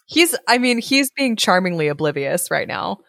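A woman's voice: medium pitch, very animated, normal speed, gravelly, fairly bright tone, no room sound, studio quality. A woman co-host chatting casually with wry, sarcastic comments. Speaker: podcast co-host. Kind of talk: casual chat.

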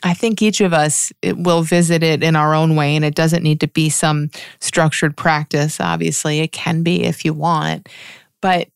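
Brief: woman, low voice with vocal fry, reflective monologue, dry close sound, muses and restarts. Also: steady tone, moderate pace, no echo. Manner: musing, with frequent restarts and soft laughs.

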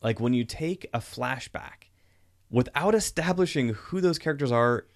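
Animated man reviewing a movie. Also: mid-range voice, moderate pace. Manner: animated, rambling, self-correcting. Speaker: podcast co-host. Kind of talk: casual movie review chat.

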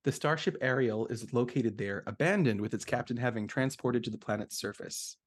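A man's voice: mid-range voice, a little fast, husky. A man hosting a podcast, chatting casually with frequent fillers and laughs, then reading a plot summary. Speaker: podcast host.

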